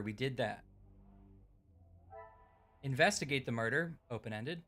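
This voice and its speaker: A playful male host chatting through a mystery game with a lively, bouncing pitch. His voice is bright and clear, and he jokes around like a mock director. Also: brisk, faint music behind. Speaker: stream host. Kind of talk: casual gameplay chat.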